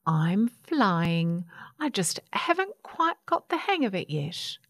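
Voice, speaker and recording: Little bird chick with a bad wing, determined and touchy, voiced by a woman storyteller; lively up-and-down delivery. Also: medium pitch, slow pace, no echo, clean studio sound, heavily acted. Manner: stubborn, earnest, snappy when upset.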